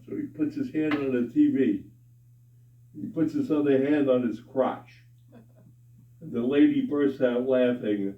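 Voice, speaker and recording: Guy telling jokes real slow, muffled, roomy echo. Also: mid-range voice. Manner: slow, deliberate joke delivery. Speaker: joke teller. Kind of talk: telling jokes to a live audience. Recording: echoey room from far off, dull sound.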